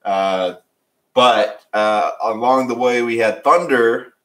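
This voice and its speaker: A man co-hosting a casual TV recap show, talking in an animated way with lots of fillers and laughs. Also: medium pitch, slow. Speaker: co-host.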